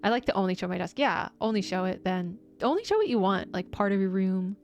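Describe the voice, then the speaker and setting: A young woman streamer chatting casually with her viewers, bubbly and excitable, often giggling. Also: medium pitch, brisk, lo-fi sound. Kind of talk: casual live-stream chat.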